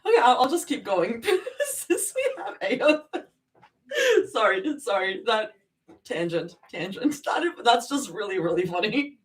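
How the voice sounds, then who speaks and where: A woman's voice: mid-range voice, big pitch swings, unhurried, recorded from a distance, poor audio. A woman streamer reading fan fiction aloud live and reacting to it, casual and sweary, with apologetic asides.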